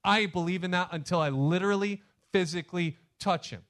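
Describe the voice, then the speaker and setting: A man's voice: high-pitched, a little fast, a bit bright. A man voicing a weary, stubborn male disciple who complains emphatically and refuses to believe.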